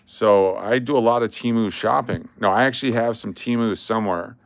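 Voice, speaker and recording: A man's voice: fairly low pitch, fairly quick, creaky, dry recording. An older man hosting a casual livestream, rattling off lists of cards and chatting to viewers. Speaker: livestream host.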